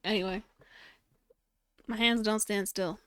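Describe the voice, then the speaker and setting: A woman's voice: medium pitch, fairly even intonation, a little slow, no room sound. Rambling woman streamer, dry close sound. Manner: rambling, searching for words, playful sound effects. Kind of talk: casual stream chat while crafting.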